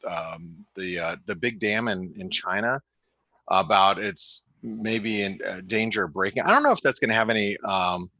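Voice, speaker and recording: A man hosting a webinar, giving casual market commentary in a halting way, full of restarts and fillers. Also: lowish voice, lively intonation, bright, forceful tone, no room sound. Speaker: webinar host and market analyst. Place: home office in the desert.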